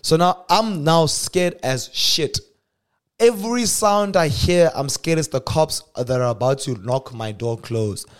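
A young South African man hosting a show, telling a personal story casually and swinging from hushed asides to loud exclamations. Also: fairly high pitch, unhurried, smooth. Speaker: podcast host.

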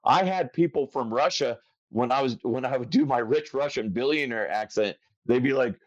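A man's voice: mid-range voice, moderate pace, dry recording, dull audio. A man hosting a podcast in casual, joking chat, often slipping into silly voices. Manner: joking, animated, slips into voices. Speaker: podcast host.

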